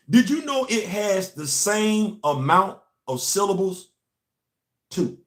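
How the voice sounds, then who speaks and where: Emphatic high-voiced man, echoey room. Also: very animated, slow pace. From United States. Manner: emphatic, preachy, repeats key lines. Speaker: host. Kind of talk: impassioned monologue.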